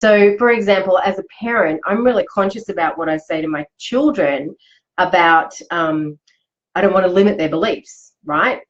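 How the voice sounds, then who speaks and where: A woman's voice: fairly low pitch, moderate pace, dull audio. A woman, hosting a chatty, upbeat live motivational talk. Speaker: host. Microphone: live video stream.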